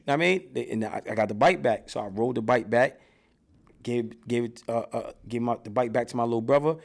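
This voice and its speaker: A man guest in an interview, telling profane, animated stories from his childhood and getting loud when reenacting scenes. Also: medium pitch, fairly quick, vocal fry. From New York. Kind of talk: casual storytelling in an interview.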